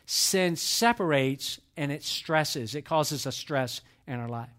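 A man preaching a sermon at a church service, building through repeated phrases, then dropping to a hush. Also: a little high, lively intonation, takes it slowly. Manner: impassioned, repetitive preaching with sudden swells and hushed drops. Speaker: pastor.

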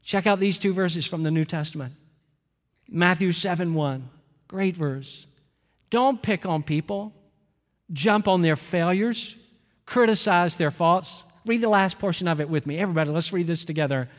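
A man preaching as pastor, animated and conversational, speaking directly to his congregation. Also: sits high, normal speed, in a large hall. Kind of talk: sermon.

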